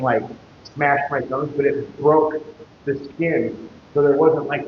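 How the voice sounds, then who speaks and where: A man telling a story on a casual live stream, swearing constantly and rambling. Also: mid-range voice. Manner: profane, rambling, laughs while telling stories. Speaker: fitness streamer. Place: gym, echoey room. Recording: echoey hall, dull lo-fi sound, noisy background.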